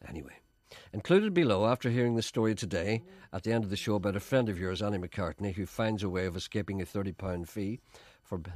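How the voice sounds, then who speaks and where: A man's voice: low-pitched, a little mellow, no echo. A man hosting a radio phone-in, telling stories and teasing callers in a mock-indignant way. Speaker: radio show host. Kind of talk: radio phone-in banter and storytelling.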